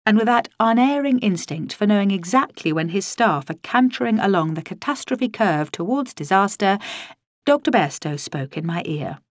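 A woman's voice: fairly low pitch, animated, moderate pace, dry recording. A woman narrating a first-person audiobook in a dry, wry storytelling manner.

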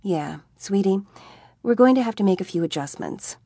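A dry, teasing young vampire woman, as a woman narrator plays her. She talks with amused calm and a lively rise and fall. The sound is close and dry. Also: medium pitch, normal speed, no echo.

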